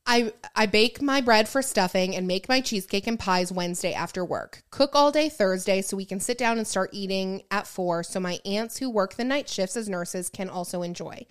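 A woman's voice: mid-range voice, moderate pace, hardly any pauses, clear, resonant tone. A woman co-hosting a casual advice podcast, chatting and reading a listener letter aloud with asides. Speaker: podcast co-host.

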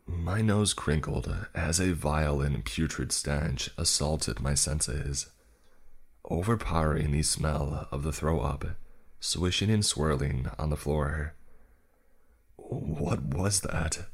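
A man with an extremely deep voice narrates a first-person horror tale. He takes his time, leaning into dry, sarcastic asides. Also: takes it slowly, husky. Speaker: storyteller.

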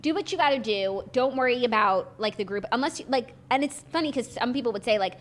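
A young woman co-hosting a podcast in casual chat, animated and rambling, swearing casually. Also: on the high side, fast. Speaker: podcast co-host.

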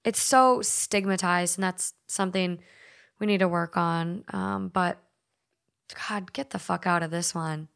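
A young woman with a Minnesota accent hosts a podcast in a loose, conversational way. She swears freely and fills her talk with "like". She sounds relaxed and unscripted as she reads stories aloud. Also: on the low side, unhurried, creaky, clean tone. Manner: swears freely, chatty, many "like" fillers. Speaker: podcast host. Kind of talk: casual chat, reading stories aloud.

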